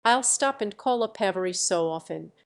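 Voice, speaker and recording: A woman's voice: mid-range voice, animated, normal speed, gravelly. A woman reading a shaken grown man. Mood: uneasy. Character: startled adult male scientist, shaken.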